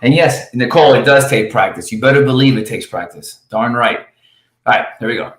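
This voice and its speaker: A man coaching cold calling live from his office, talking with high energy. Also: brisk, echoey room. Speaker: sales coach.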